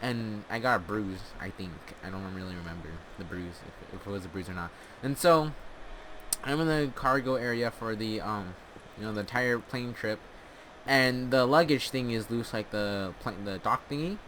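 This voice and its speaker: Young man, casual rambling storyteller, bright tone, home headset mic with faint noise. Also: lowish voice. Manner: rambling, halting, many restarts. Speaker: storyteller and gamer.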